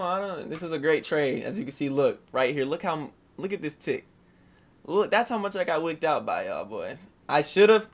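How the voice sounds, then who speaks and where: A young man casually recapping his day trade on a screen share, slangy and animated, swearing and saying "boom" a lot.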